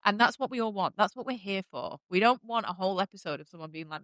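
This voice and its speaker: A woman's voice: medium pitch, animated, fast, hardly any pauses, a bit bright, no echo. A woman hosting a podcast, recapping a TV show in a gushing, chatty way with many fillers. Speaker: podcast host. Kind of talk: casual chat recapping a TV show.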